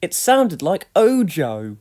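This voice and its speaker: A woman's voice: fairly low pitch, sing-song, takes it slowly, warm tone. Woman reading a children's story expressively. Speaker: storybook reader. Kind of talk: read-aloud children's story narration.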